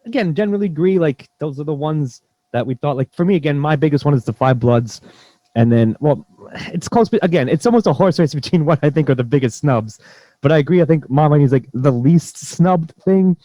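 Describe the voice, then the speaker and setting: A man's voice: on the high side, animated, a little fast, warm tone, no echo. A man co-hosting a casual podcast chat about films, rambling through fillers and restarts. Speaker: podcast co-host.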